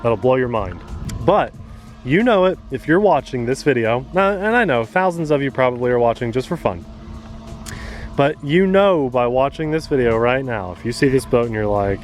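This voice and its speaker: A man's voice: medium pitch, lively intonation, normal speed, soft background music. A man hosting an RC hobby channel, chatting casually and joking while testing a boat by a pond outdoors. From rural United States. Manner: easygoing, chatty, jokey. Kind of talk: casual outdoor review chat.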